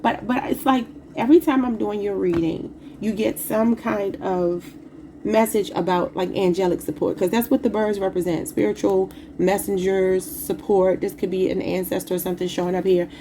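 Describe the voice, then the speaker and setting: Mellow-voiced woman giving a chatty tarot reading. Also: medium pitch, fairly even intonation, moderate pace, a little hiss or hum, poor audio. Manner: chatty, informal, addresses viewers as y'all. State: slightly sick and emotional. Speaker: tarot reader.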